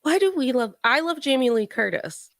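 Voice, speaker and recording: A woman's voice: sits high, normal speed, dry recording. Giggly woman co-host, dry close sound. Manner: giggly, rambling, animated. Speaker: podcast co-host. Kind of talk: casual chat.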